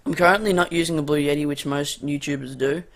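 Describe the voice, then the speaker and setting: A man's voice: a little high, fairly even intonation, fast, a little hiss or hum. A man with an Australian accent giving casual, rambling gameplay commentary with many ums, recorded on a cheap desk condenser mic at a home gaming setup. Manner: rambling, hesitant, full of ums. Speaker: gaming YouTuber. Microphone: cheap USB condenser desk mic.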